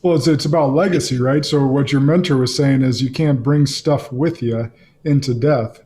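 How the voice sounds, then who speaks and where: Brief: male podcast host, relaxed and mellow, mid-range pitch, friendly questioning style. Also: normal speed, a little hiss or hum. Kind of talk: conversational interview.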